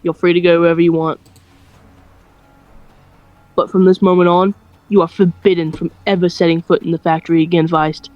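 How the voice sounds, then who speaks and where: An amateur voice actor playing a stern elderly woman who represents factory workers, in a fan dub delivered slowly and deliberately. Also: medium pitch, little pitch movement, dry recording, lo-fi sound, soft background music, close to an everyday voice.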